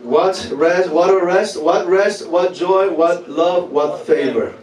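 A man, preaching a sermon as pastor, talking back and forth with the congregation and breaking into shouts and laughter. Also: sits high, slow pace. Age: 40s. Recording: echoey hall from far off with crowd.

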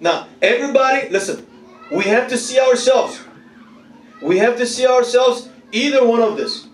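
A man preaching a sermon, animated, with laughing asides and swings from loud to hushed. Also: very high voice, normal speed, slight background noise. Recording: echoey, distant room mic with faint ambience.

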